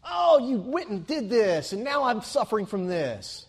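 A man's voice: sits high, big pitch swings, slightly rough, pitched above the performer's own voice, heavily acted. A man putting on the voice of a whiny, self-pitying old father during a sermon. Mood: complaining. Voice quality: whiny, drawn-out.

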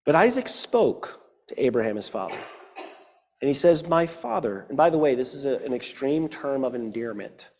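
A man's voice: mid-range voice, expressive, normal speed, big-room sound. Conversational pastor in his forties. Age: 40s. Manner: conversational, jokey asides to the congregation. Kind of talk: sermon.

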